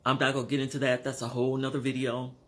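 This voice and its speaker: A man in his fifties or sixties speaking frankly to his camera at home in a personal vlog, measured and pausing to find his words. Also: mid-range voice, monotone, a bit bright. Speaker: vlogger. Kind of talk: candid personal vlog monologue.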